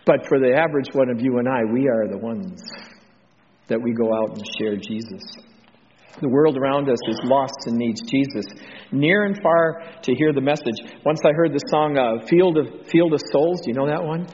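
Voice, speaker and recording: A man with a Texan drawl preaching an informal sermon on missions, rambling with ums and restarts, getting animated. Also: medium pitch, normal speed. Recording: dull lo-fi sound with long hall reverb.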